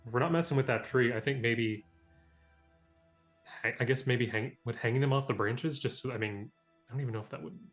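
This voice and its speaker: A man's voice: mid-range voice, fairly quick, fairly bright tone, soft background music. A man playing a tabletop role-playing game, talking hesitantly and thinking aloud. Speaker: player. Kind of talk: tabletop role-play chat.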